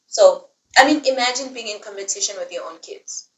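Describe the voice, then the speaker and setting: A woman's voice: fairly high pitch, fairly quick, echoey room, recorded from a distance, poor audio. A young woman telling a casual story recap, chatty and digressive, with dramatic asides. The voice sits in a room, set back from the mic. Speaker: book reviewer.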